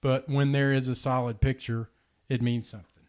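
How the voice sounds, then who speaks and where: A man's voice: mid-range voice, level tone, moderate pace, a little mellow. Earnest man telling a story. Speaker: podcast host. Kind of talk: casual chat, storytelling.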